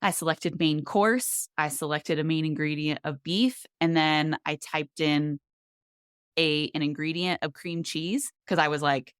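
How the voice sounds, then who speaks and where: A woman's voice: low voice, a little slow, smooth, no echo, clean studio sound. A woman hosting a podcast, telling stories in an upbeat, conversational way. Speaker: podcast host. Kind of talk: casual chat.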